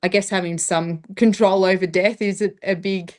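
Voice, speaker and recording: A woman's voice: mid-range voice, steady tone, moderate pace, a little mellow. An Australian woman in her thirties, a paramedic, talking reflectively in a casual interview and laughing often. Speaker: guest, paramedic.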